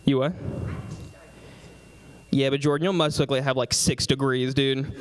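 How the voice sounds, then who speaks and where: A young man performing stand-up comedy and working the crowd, animated and laughing often between lines. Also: on the high side, slow pace, long pauses. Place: stage before a live audience.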